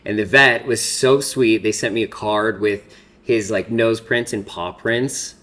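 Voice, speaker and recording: Male makeup vlogger in his 30s, slightly low voice, rambling casual chat, fighting tears. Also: fairly even intonation, a little slow, pushed and bright. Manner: rambling, filler-heavy storytelling. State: holding back tears. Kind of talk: casual get-ready-with-me chat.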